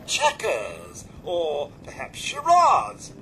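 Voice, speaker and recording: A man's voice: fairly high pitch, wildly swooping pitch, drawn-out words, noisy background, full character voice. A man voicing a prim male robot butler who speaks formally and frets over his master. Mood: fretful.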